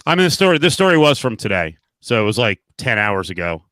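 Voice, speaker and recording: Man, podcast host, bright, smooth, dry close sound, casual. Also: medium pitch, sing-song, fast, no echo. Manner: casual, reads viewer questions and headlines. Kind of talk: podcast hosting.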